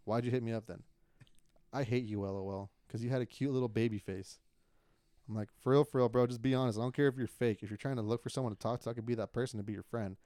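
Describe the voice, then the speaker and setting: A young man co-hosting a casual podcast, retelling a story in an animated, profane way with frequent laughter. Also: mid-range voice, quick pace, no echo. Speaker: podcast co-host.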